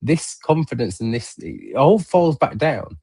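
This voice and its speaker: A man's voice: medium pitch, sing-song, measured pace, gravelly, mellow, breathy edge. A middle-aged man hosting a podcast in casual chat. He tells rambling stories full of fillers and restarts. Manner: rambling, filler-heavy storytelling. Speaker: podcast host. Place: remote podcast stream.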